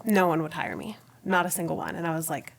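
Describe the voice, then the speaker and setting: A woman guest on a podcast telling her personal faith story in conversation. She is an animated storyteller who laughs often and acts out what she said at the time. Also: low-pitched, quick pace, creaky.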